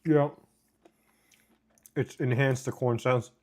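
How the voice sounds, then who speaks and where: Speaking slowly in a darkish, medium-pitched voice with fairly even intonation, a man livestreams from his home. He eats, chats casually, and reads chat aloud, picked up by a noise-cancelling desk mic.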